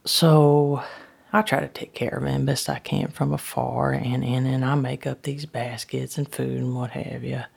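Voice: mid-range voice, flat delivery, a little slow, gravelly, breathy edge, exaggerated voice. A performer playing a rambling woman in a comic monologue, drifting between chatter and whispers. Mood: chatty. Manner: rambling, many restarts, drops into whispers. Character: homespun rural Southern woman, gossipy, rambling.

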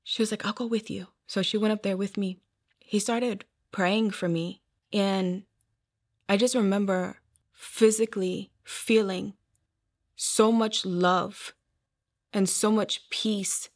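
A woman's voice: mid-range voice, fairly even intonation, slow pace, pauses often. A young adult woman telling her personal testimony in an interview, earnest, acting out what others said. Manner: earnest storytelling, acting out quoted voices. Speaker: guest sharing her testimony.

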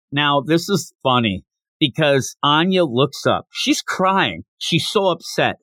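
Animated man recapping a manga. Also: fairly high pitch, takes it slowly, dry recording. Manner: animated, jumps into character voices. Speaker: podcast host.

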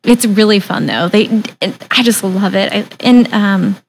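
A woman's voice: medium pitch, a little slow, a little hiss or hum, poor audio. A woman in her thirties co-hosting a podcast, rambling in casual chat with lots of "like" and giggles. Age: 30s.

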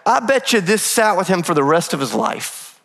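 A man preaching a sermon as pastor, telling stories lively and acting out paraphrased dialogue with jokes. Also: high-pitched, moderate pace, vocal fry, in a large hall.

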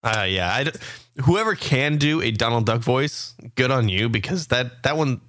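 A man co-hosting a morning show in casual chat, excitable and giggly, often tripping over his words. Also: mid-range voice, moderate pace, no room sound.

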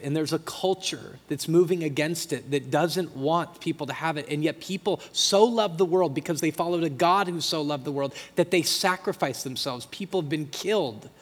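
A middle-aged male pastor, his voice a little high with a breathy edge, preaches a passionate, emotional sermon full of emphatic repetition. He's in a church sanctuary, and the recording carries a long hall reverb.

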